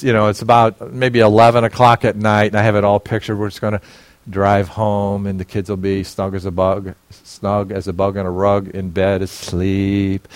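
A pastor in his sixties preaching a sermon as an animated storyteller who swings from quiet reflection into loud, excited telling. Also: lowish voice, no room sound.

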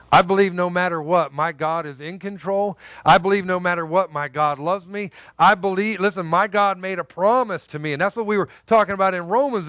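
A man preaching with lively, conversational energy, slipping into voiced quotes of the story's characters. His voice sits a little high for a man. The sound is close and dry, with no room around it. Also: no echo. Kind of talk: sermon.

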